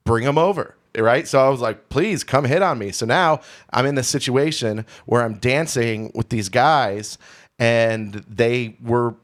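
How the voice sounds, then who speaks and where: A man's voice: mid-range voice, unhurried. Candid rambling man telling a story. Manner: candid, rambling, lots of restarts and "right?". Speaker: podcast co-host. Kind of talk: casual storytelling chat.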